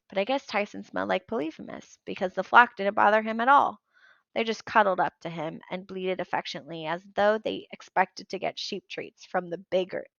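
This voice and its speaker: A woman reading a novel aloud in an expressive, lively storytelling manner. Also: mid-range voice, vocal fry, dry recording, lo-fi sound. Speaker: audiobook reader.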